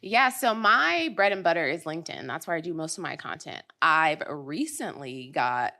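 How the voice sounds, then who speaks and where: A woman's voice: deep voice, lively intonation, moderate pace, gravelly, sharp tone. A woman speaking casually on a conference panel, chatty and full of "like" and "you know.". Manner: chatty, filler-heavy, laughs easily.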